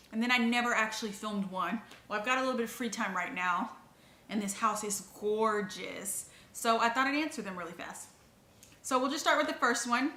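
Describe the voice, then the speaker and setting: Bright, chatty Texan woman in her thirties. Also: fairly high pitch. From Texas, Dallas area. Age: 30s. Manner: chatty, quick, rambling asides. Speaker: lifestyle and travel blogger. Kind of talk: casual vlog Q and A. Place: inside a historic house. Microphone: on-camera mic of a DSLR. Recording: echoey room.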